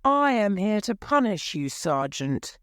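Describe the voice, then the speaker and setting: A bold masked swordsman from a storybook, confident and stern, as a woman reads him. The voice is smooth and clear, close to the mic. He speaks without hurry. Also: mid-range voice, sing-song, measured pace, no room sound, pitched above the performer's own voice. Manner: confident, commanding.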